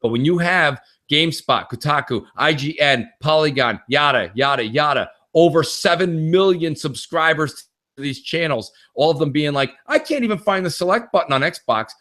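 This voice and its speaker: Dude ranting about games, swears a lot, slightly high voice, all over the place pitch-wise. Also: male voice, normal speed. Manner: animated, profane, acts out quotes. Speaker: podcast co-host. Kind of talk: casual gaming chat.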